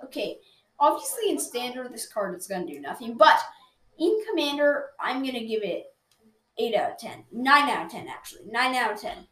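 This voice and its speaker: A woman's voice: fairly high pitch, very animated, normal speed, fairly bright tone. A woman reviewing cards in casual chat, enthusiastic and argumentative, rambling with restarts. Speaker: card game reviewer. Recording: roomy echoey room.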